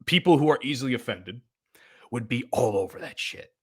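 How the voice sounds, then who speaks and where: A young man co-hosting a podcast, chatting casually, getting excitable and emphatic and laughing easily. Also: medium pitch, brisk, husky. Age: young adult. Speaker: podcast co-host. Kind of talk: casual chat.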